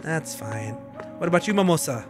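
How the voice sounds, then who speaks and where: A man's voice: a little high, normal speed, loud music behind the voice. A young man streaming a game, joking and putting on voices for its characters. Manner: animated, jokey, puts on voices for game characters. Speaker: gaming streamer. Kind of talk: playing a game, voicing its characters.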